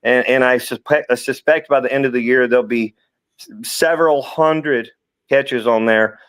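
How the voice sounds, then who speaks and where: A man, a fishing guide chatting casually on a podcast and telling animated stories. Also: moderate pace, clear, resonant tone. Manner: animated storyteller, acts out quotes with big pitch jumps. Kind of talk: casual chat.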